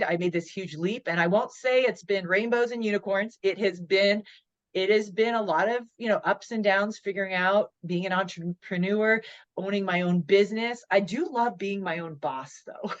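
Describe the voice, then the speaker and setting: A woman in her forties, a guest on a podcast interview, telling a personal story in a lively way and acting out her own inner thoughts. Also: medium pitch, moderate pace, dull audio. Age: 40s. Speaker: podcast guest, motivational speaker.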